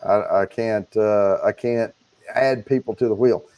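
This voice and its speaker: A man's voice: fairly low pitch, steady tone, measured pace, darkish tone. A man co-hosting a casual livestream, chatting and running through giveaway details. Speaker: livestream co-host.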